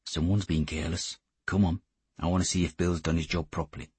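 Man reading burly gruff commando, curt low orders, deep husky voice, dry sound. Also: flat delivery, brisk, darkish tone, no room sound.

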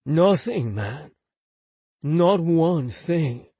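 A man voicing a calm, steady tattoo artist. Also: drawn-out words, slightly rough, dry recording, exaggerated voice. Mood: calm, soothing. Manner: calm, low-key and soothing. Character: gentle male tattoo artist, steady friend. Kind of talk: audiobook character reading.

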